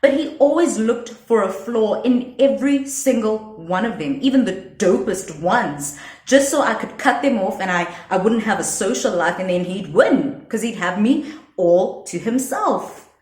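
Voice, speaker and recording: A young South African woman telling a storytime vlog in a sassy, animated way, dropping in Zulu slang. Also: mid-range voice, unhurried. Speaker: vlogger. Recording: echoey room.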